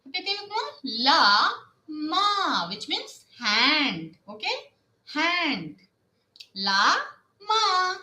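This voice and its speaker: A woman teaching a live online lesson, drilling words with slow repetition and frequent checks of "Ok?". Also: high-pitched, big pitch swings, pushed and bright, echoey room. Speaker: French teacher.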